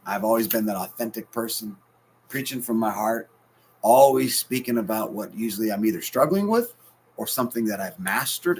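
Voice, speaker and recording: Emotional man preaching, loud then hushed. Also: lowish voice, slight background noise. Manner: emotional, swings between loud bursts and hushed near-whispers. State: sleepless and stressed. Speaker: pastor. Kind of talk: sermon.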